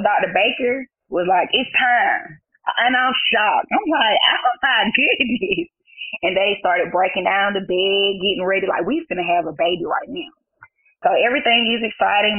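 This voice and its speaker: A woman's voice: medium pitch, normal speed. Young mother, phone-like sound. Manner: animated and emotional, laughing often. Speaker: new mother. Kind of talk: personal storytelling interview.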